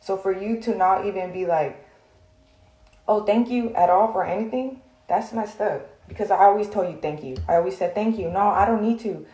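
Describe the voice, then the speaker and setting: Filming herself in an echoey room, a woman vlogger goes on a heated rant directly into her phone camera, profane and blunt, with rambling and plenty of fillers. Her voice is mid-range, brisk and dark in tone.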